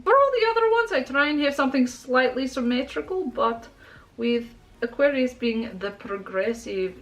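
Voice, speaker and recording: High-pitched, excitable young female makeup vlogger with a bubbly, self-praising delivery. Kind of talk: makeup tutorial chat.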